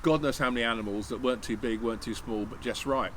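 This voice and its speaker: A man's voice: mid-range voice, quick pace, fairly bright tone, a little hiss or hum, rough recording. A man casually telling a long anecdote, rambling with restarts and acting out what people said. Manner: rambling, anecdotal, acts out dialogue with many restarts. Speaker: channel host telling a hunting anecdote. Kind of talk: casual storytelling.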